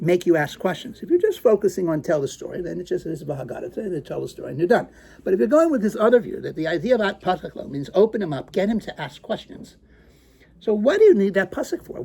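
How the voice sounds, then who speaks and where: A man teaching a lesson, using Hebrew terms and acting out his stories, moving from hushed tones to excited outbursts. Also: high-pitched, vocal fry, breathy edge. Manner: animated, swings from hushed to excited. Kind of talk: lecture with acted storytelling.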